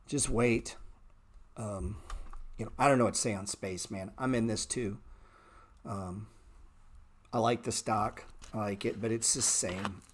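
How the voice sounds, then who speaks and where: A middle-aged man hosting a stock trading livestream, talking bluntly and sarcastically with swearing, and jumping into animated, louder rants. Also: measured pace, pauses often, a little hiss or hum. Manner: animated rants that jump in pitch and volume. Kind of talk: casual livestream chat.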